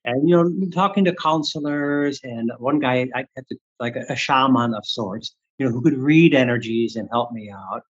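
A man's voice: mid-range voice, moderate pace, few pauses, breathy edge, lo-fi sound. An older man from the Midwestern United States, candidly telling a story as an interview guest and acting out his own past thoughts. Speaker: guest, Reiki teacher.

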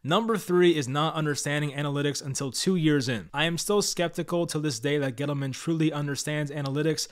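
A man hosting his own channel, giving blunt, frustrated commentary on his football team. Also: fairly high pitch. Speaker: sports commentator, Giants fan channel host. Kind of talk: opinionated scripted commentary to camera.

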